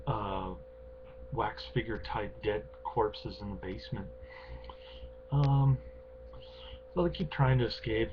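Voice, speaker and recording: A man giving a casual, unscripted film review, rambling and offhand with lots of ums and uhs. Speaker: movie reviewer. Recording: dull lo-fi recording with clear background rumble.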